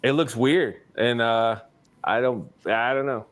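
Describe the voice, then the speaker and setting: A man's voice: mid-range voice, unhurried. A man on a casual group video call, complaining about his camera and tossing in wisecracks. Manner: wisecracking interjections.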